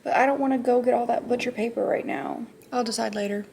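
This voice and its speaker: A young woman teacher vlogging in her classroom, chatting casually and thinking out loud, often gushing. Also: a little high, fairly even intonation, quick pace, creaky, a little hiss or hum. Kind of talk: casual vlog chat. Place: school classroom.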